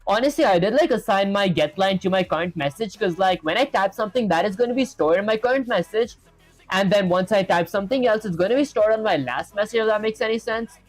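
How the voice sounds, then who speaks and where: A man's voice: high-pitched, fast talker, no echo, soft background music. A young man livestreaming as he codes, thinking aloud and reading out chat to viewers in a casual way. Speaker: livestreaming programmer. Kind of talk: casual live coding chat.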